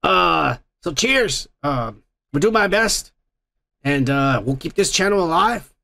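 A man's voice: a little high, expressive, slow pace, gravelly, pushed and bright. A man hosting a casual livestream, reading chat messages aloud in a blunt, profane, rambling way while drinking. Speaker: host.

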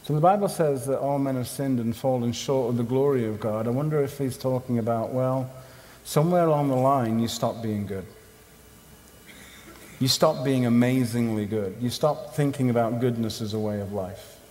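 The conference speaker's voice is mid-range and a little mellow, moving at a moderate pace. He gives an emphatic, rhythmic sermon in short, punchy phrases, recorded in a hall with long reverb.

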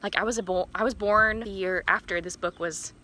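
A woman's voice: mid-range voice, fairly even intonation, a little fast, sharp tone. A woman in her early twenties, chatting casually outdoors about a book she is reading, giggly and full of "like". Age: early 20s. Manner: chatty, giggly, heavy use of "like". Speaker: book vlogger. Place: outdoors in sunlight.

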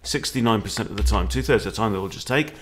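A man's voice: lowish voice, fast talker. A man, a chess coach walking through openings in a playful, jokey way. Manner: playful, animated, jokey with exclamations. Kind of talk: chess lesson walkthrough.

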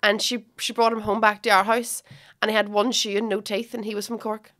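A young woman hosting a podcast, teasing her guest and quick to laugh. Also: mid-range voice, flat delivery, fairly bright tone. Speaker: podcast host. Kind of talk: casual chat.

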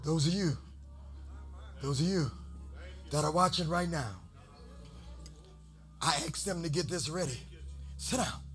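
A man's voice: fairly high pitch, unhurried, long pauses, a bit bright, soft background music. A man preaching a sermon as a bishop, chanting and half-singing his lines in a studio full of worshippers. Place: studio with congregation.

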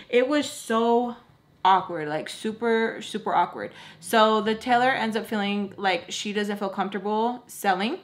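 A woman's voice: mid-range voice, normal speed. Young adult woman, vlogger, chatty storytime delivery, mid-range voice, jumps into quoted voices. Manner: animated, acts out quotes with voices, slangy. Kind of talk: storytime while doing makeup.

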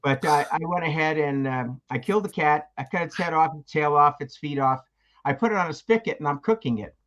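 A man's voice: a little high, brisk, fairly bright tone. An older man, a veteran guest, telling rambling anecdotes in casual conversation and acting out what people said. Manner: rambling anecdotes, acts out quoted voices. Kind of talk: casual storytelling.

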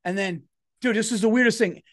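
A middle-aged comedian chats casually on a podcast, telling a story and impersonating its characters. His voice is high and his delivery a little fast.

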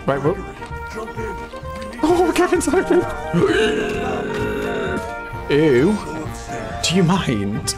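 A young woman giving let's play commentary, excitable and given to swearing, jumping between squeals and low mutters. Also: drawn-out words, creaky, pauses often. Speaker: gaming YouTuber. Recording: game music playing behind.

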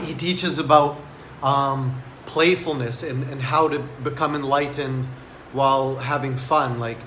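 Man, vlogger, bright voice, relaxed rambling delivery, roomy recording with faint ambience. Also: mid-range voice, a little hiss or hum. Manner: laid-back, rambling, lots of "like". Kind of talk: casual storytelling vlog.

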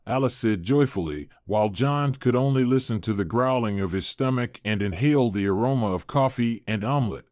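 Male storyteller, mid pitch, steady scripted narration, dry. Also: normal speed, hardly any pauses, dry recording.

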